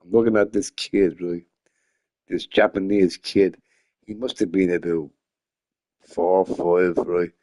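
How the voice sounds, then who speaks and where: A man's voice: sits low, steady tone, measured pace, long pauses, warm tone. A drunk man rambling and joking crudely while streaming a game. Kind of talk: casual stream chat.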